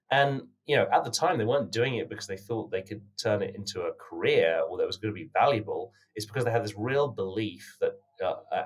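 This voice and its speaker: A man with a British accent, from the United Kingdom, talking as a podcast guest in an earnest, measured way with many filler words. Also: lowish voice. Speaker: podcast guest, company founder. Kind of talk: conversational interview answers.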